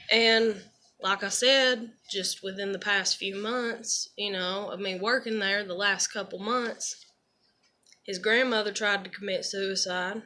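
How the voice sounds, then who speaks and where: A woman's voice: medium pitch, unhurried, pushed and bright. A woman venting in a rambling personal monologue, swearing heavily and leaning on fillers as she talks. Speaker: vlogger.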